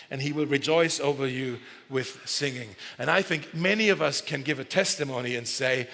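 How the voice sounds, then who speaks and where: A pastor jokes his way through a conversational sermon, often stopping to correct himself mid-sentence. His fairly high voice is bright and forceful, a little fast with hardly any pauses, echoing with long reverb through a large church hall.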